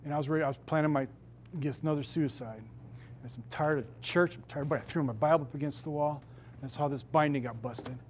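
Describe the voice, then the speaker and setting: In an earnest, emphatic sermon, a middle-aged pastor speaks quickly with fairly even intonation. His raised voice sits on the high side and sounds a little mellow, and he stresses key words heavily, stretching them for effect. Some background noise is faintly present.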